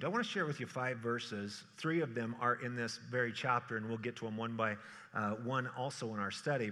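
A man preaching a sermon, telling stories with animated energy and acting out quotes in playful voices. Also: mid-range voice. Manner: animated storytelling, acts out quotes in funny voices. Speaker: pastor. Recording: reverberant hall.

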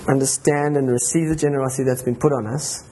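A man's voice: mid-range voice, fairly even intonation, fast, dark tone, slight background noise. A man giving an informal, enthusiastic talk at a church gathering. He rambles, restarts his sentences and laughs between them.

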